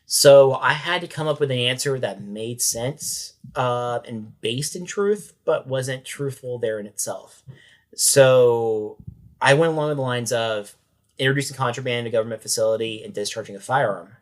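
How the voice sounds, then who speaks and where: A man's voice: mid-range voice, moderate pace. Matter-of-fact man recounting a story. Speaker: sheriff's corporal, podcast guest. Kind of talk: interview storytelling.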